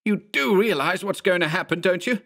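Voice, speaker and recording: A frantic balding man in his thirties , as a male narrator voices him, yelling and cursing at a high, strained pitch. He sounds cornered and furious throughout this horror audiobook reading. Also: lively intonation, moderate pace, vocal fry, full character voice. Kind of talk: audiobook character voice.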